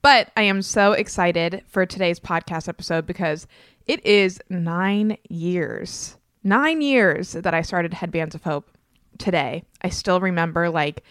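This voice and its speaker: A woman's voice: on the low side, slow pace, fairly bright tone, clean tone, no echo, clean studio sound. A woman in her thirties hosting her own podcast in a casual, upbeat, chatty way, speaking with a slight lisp and peppering her talk with filler words. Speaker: podcast host.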